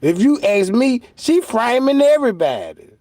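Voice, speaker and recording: This commentary streamer's very high voice is highly animated and a little mellow, at normal speed, with no room sound. He mocks and jokes in slangy talk, cracks up laughing, and slips into mock voices to land punchlines.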